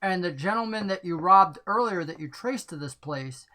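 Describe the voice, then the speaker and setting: A woman's voice: fairly low pitch, animated, normal speed, pushed and bright. A woman narrating as game master in a casual tabletop role-play session, laughing often and briefly voicing other characters.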